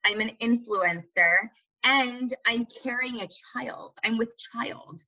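A young woman talking as a podcast guest in casual chat, candid and dramatic, quick to poke fun at herself. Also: a little high, sharp tone, highs cut off. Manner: candid, dramatic and self-mocking.

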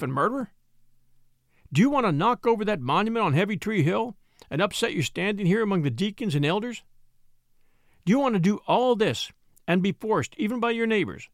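A grim old-west blackmailer drawls his threats in a rough backwoods dialect, as a man puts him on. The voice rides high and swings widely in pitch. The recording is dry and close. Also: no room sound. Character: grim rough frontier blackmailer, male, middle-aged.

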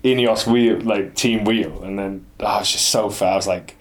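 A man's voice: on the low side, normal speed. A man with a Manx accent, chatting as a guest on a call, telling stories animatedly and swearing a lot. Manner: animated storytelling with lots of swearing. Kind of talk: casual chat.

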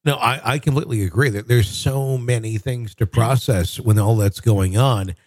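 A man hosting a podcast, pausing the story and inviting discussion in a measured way. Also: mid-range voice, no room sound. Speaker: host.

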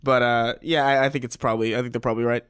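A man co-hosting a casual podcast, talking in a relaxed way with frequent restarts and casual swearing. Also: medium pitch, racing, smooth. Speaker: podcast co-host.

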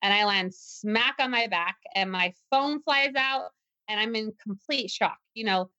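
A woman's voice: mid-range voice, measured pace, pushed and bright, no room sound. A woman guest telling a personal story in an interview, earnest and tense, often restarting her sentences. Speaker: guest, self-defense teacher. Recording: slightly dull, muffled recording.

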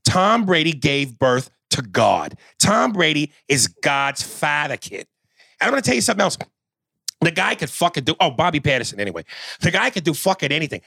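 A man's voice: fairly high pitch, creaky, sharp tone, dry recording, voice pushed up, exaggerated voice. A brash, foul-mouthed man with a Boston accent rambles on in a raised, boastful voice, as a podcast host puts him on. He swears constantly and never lets up. The sound is dry and close.

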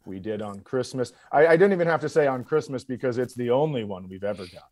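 A man's voice: mid-range voice, animated, fast talker, darkish tone. A man co-hosting a comedy podcast, riffing in a loose, joking way and laughing often. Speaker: podcast co-host. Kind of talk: casual comedic chat.

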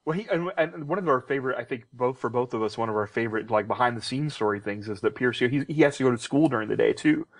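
A man with a mid-range voice tells behind-the-scenes stories at a rapid clip. He speaks as a TV producer on a panel, packing his sentences with fillers. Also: medium pitch. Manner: fast storyteller, heavy with fillers. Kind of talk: lively panel anecdotes.

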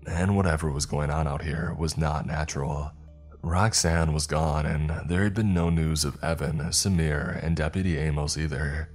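A man narrating a first-person horror story in a measured, scripted way. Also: a bass voice, fairly even intonation, a little mellow, soft background music.

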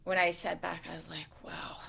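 A woman from South Africa, a guest telling an animated story with swearing and laughter in a casual chat. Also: on the high side, normal speed.

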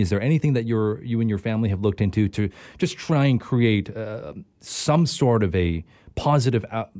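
A man's voice: on the low side, dark tone, no room sound, clean studio sound. A man hosting a radio show, interviewing a guest in a sympathetic way and repeating words as he goes. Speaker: radio host.

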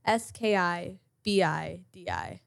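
A woman's voice: fairly low pitch, very animated, takes it slowly, creaky, no echo, studio quality. A woman hosting a spelling bee, explaining slang patiently and with amusement. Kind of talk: casual comedic chat.

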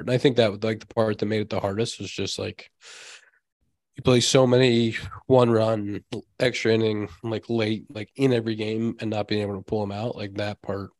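A man's voice: fairly low pitch, a little mellow, no echo. A young man hosting a casual podcast, talking over a baseball season in a downbeat, reflective way. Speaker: podcast host and baseball player. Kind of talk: casual chat.

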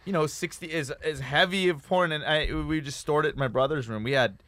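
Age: adult. Sex: man. Style: casual podcast chat. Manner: animated, crude storyteller. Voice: on the high side, dry studio sound. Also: brisk, no room sound. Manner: animated storyteller, crude, says dude a lot.

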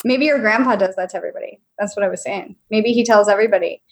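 A woman's voice: mid-range voice, fast talker, slightly rough, poor audio. A woman co-hosting a podcast as an intuitive coach, easygoing and explanatory in casual chat.

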